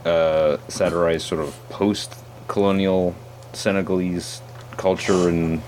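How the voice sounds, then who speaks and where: A man's voice: deep voice, fairly even intonation, slow pace, darkish tone, slight background noise. A man appearing as a guest on a casual film podcast, talking in a modest, thoughtful, hedging way.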